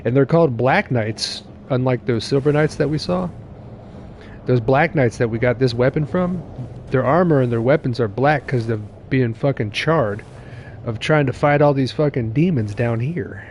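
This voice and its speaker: A young man streaming a game live, excitable and laughing, swearing casually and chatting with his viewers while nursing a sore tooth. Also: mid-range voice, moderate pace, slight background noise.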